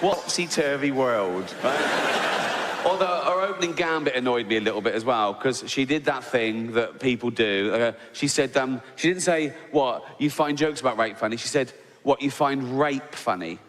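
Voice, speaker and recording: English stand-up comic in a reverberant hall. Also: male voice, mid-range voice, moderate pace. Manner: animated, acts out voices, lots of "right?" asides. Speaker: stand-up comedian. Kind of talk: stand-up routine. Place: large venue with audience. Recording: live stage recording with hall reverb and audience noise.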